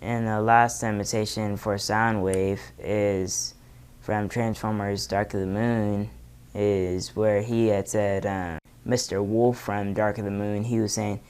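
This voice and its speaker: A man's voice: fairly low pitch, flat delivery, slow pace, a little mellow, smooth. A man casually recapping movie scenes, rambling with many fillers. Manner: loose, filler-heavy storytelling. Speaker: impressions vlogger.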